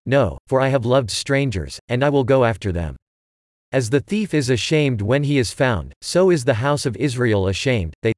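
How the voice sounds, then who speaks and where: A man's voice: mid-range voice, darkish tone, no echo. Man reading scripture, dry close sound. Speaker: scripture reader.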